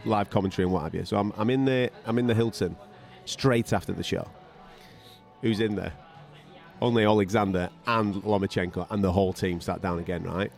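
A man telling boxing stories on a podcast in a casual way, swearing freely and mimicking the people in them. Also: on the low side. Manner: animated and fast-talking. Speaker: podcast co-host, boxing radio commentator. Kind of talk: casual storytelling chat.

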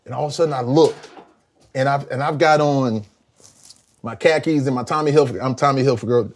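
Middle-aged male guest, animated raconteur, voices the people in his stories. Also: fairly quick. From South Carolina, US. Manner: animated storyteller, acts out quotes with big pitch jumps. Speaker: guest, former band vocalist. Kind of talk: casual interview storytelling.

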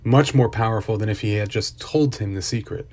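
A man's voice: fairly low pitch, fairly quick, darkish tone. A man narrating a motivational story earnestly, with building intensity.

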